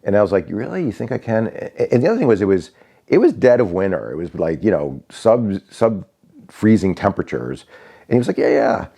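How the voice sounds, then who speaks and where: A man's voice: low-pitched, very animated, a little fast, mellow, husky. A man in his sixties from Connecticut, telling stories casually with many fillers and restarts. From Connecticut, USA. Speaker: vlogger. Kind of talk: casual storytelling.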